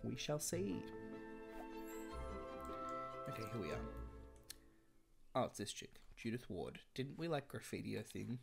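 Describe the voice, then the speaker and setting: A woman's voice: extremely low pitch, big pitch swings, unhurried, gravelly, pauses often, soft background music. A woman giving casual, wry let's-play commentary, chatting to the game characters as she plays. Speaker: gameplay commentator.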